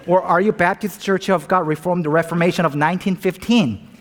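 A man playing an eager male pastor who keeps questioning a stranger with rising excitement in a spoken joke. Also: high voice, brisk, close to an everyday voice.

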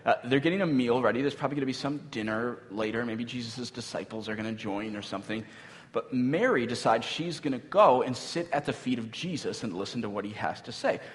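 A man's voice: medium pitch, fairly quick. A male pastor giving a sermon in a casual, conversational way, with filler words and light laughs. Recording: long hall reverb.

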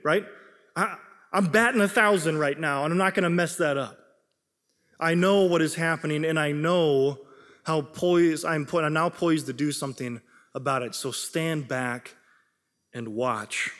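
A man's voice: on the high side, fairly bright tone. A young adult man preaching a sermon in a casual, self-deprecating way, often repeating words as he gets going. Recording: long hall reverb.

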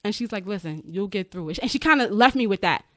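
A woman's voice: medium pitch, quick pace, no room sound, studio quality. A woman who works as a corrections officer tells frank stories from her job in a podcast conversation, acting out the voices of the people she quotes. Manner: animated, acts out others' voices when retelling; frank, uses profanity.

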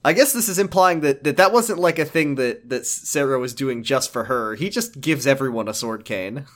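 A man's voice: mid-range voice, lively intonation, normal speed, a bit bright. A man co-hosting a casual podcast about a video game, joking and laughing often and mimicking characters. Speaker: podcast co-host.

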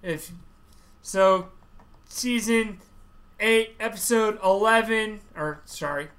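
A man hosting a podcast, recapping a TV series in animated casual chat, acting out quotes as he goes. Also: sits high, slow.

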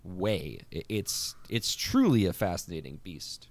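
A man with a Philadelphia accent, a podcast guest telling stories in a playful, animated way. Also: sits low, a little slow, no room sound. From Philadelphia area. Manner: animated storyteller, playful, self-deprecating. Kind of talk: casual podcast chat.

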